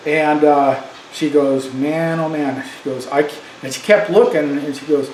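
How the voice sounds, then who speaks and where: A man's voice: on the high side, fairly even intonation, moderate pace, darkish tone. An older man telling a personal story in a casual, rambling way, full of fillers and restarts. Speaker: vlogger. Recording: roomy echo with faint background noise.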